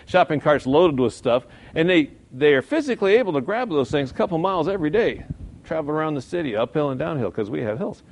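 Man, Bible class teacher, conversational sermon, gravelly voice, emphatic, rhetorical questions. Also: mid-range voice. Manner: emphatic, rhetorical questions, swings from loud to quiet.

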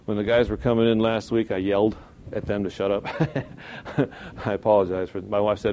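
A man teaching a church Bible class in a conversational sermon, emphatic, asking rhetorical questions and swinging between loud stresses and quiet asides. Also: lowish voice, steady tone, a little fast, a little hiss or hum.

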